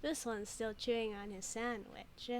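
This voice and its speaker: A chatty woman streamer talks through a game in a slightly high, bright voice, reading lines aloud and giggling between them. Faint background noise sits beneath her. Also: fairly even intonation, a little slow. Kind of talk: casual gameplay commentary.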